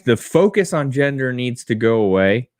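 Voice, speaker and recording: A man's voice: medium pitch, big pitch swings, normal speed, no echo, clean studio sound. A man co-hosting a podcast in casual chat, with blunt, crude joking banter. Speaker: podcast co-host.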